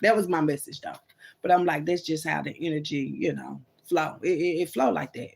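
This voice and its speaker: A woman's voice: deep voice, fairly quick, vocal fry, darkish tone, slightly rough. A woman in a rambling, casual monologue to her viewers. She calls them "y'all", "baby" and "boo", and often drops in "mm-mm" and "mm-hmm" asides.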